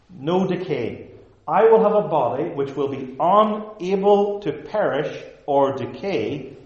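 A male pastor preaching a sermon to a live congregation in a measured, emphatic way, stressing short repeated phrases. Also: a little high, a little mellow, echoey room, dull audio. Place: church service before a live congregation.

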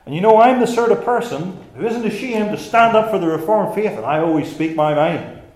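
A man's voice: fairly low pitch, expressive, moderate pace, dark tone, lightly acted. A man voicing a boastful, self-important male churchgoer who brags about his strength. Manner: proud, swaggering. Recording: echoey room.

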